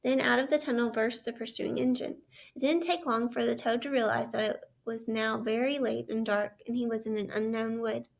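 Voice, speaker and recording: Woman teacher, classroom read-aloud; high voice, heavy vocal fry, measured and questioning. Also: steady tone. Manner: measured storytelling, asks the listener questions. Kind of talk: read-aloud lesson narration.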